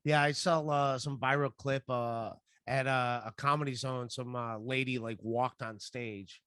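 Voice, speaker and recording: A man hosting a podcast in casual chat, asking questions and backing up his guest with quick agreeing remarks. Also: medium pitch, steady tone, a bit bright, clean tone, no echo, studio quality. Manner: quick agreeing interjections, laughs along. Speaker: podcast host. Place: comedy club green room.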